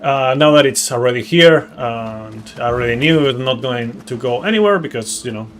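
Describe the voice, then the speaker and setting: A man's voice: medium pitch, animated, normal speed. A man streaming a video game, chatting casually in a rambling way with many fillers and casual swearing. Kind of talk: casual live-stream chat while playing. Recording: game music behind voice.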